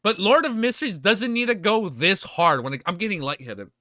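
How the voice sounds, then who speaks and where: A man live-streaming his reactions, excitable and hyped, with casual slang and swearing. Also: high-pitched, brisk, dry recording, studio quality. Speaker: streamer reacting to a web novel.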